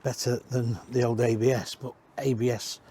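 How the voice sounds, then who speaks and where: A man's voice: mid-range voice, level tone, normal speed, dark tone, husky. A man giving a casual, rambling walk-around tour inside used caravans, chatting and correcting himself as he goes. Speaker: caravan industry reviewer.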